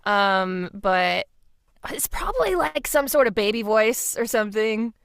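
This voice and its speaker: A woman voice actor as a guest in a casual interview, talking in a relaxed, reflective way. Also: medium pitch, unhurried, creaky, clear, resonant tone, dry recording, clean studio sound. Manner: relaxed, reflective, laughs easily.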